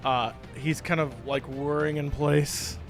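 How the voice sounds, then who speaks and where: A man narrating a tabletop game as game master, with animated storytelling. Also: fairly high pitch, measured pace, faint music behind.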